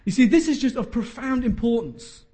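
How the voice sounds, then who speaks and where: A man in his thirties preaching a sermon. His voice sits high and swings widely in pitch. He is emphatic, with quick joking asides. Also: lively intonation, mellow. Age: 30s.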